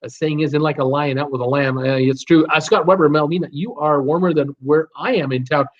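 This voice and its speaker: A man's voice: a little high, fairly even intonation, fairly quick, highs cut off. A middle-aged man hosting a live cruise chat stream, chatty and upbeat as he reads out viewer comments with lots of fillers. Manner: chatty, upbeat, reads names and greetings aloud with many fillers.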